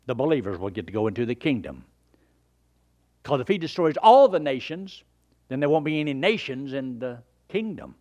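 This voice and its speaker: Delivering a sermon with personal testimony, an older man whose voice sits on the high side recounts how he was converted. He's earnest and folksy, alternating between loud stresses and hushed near-whispers.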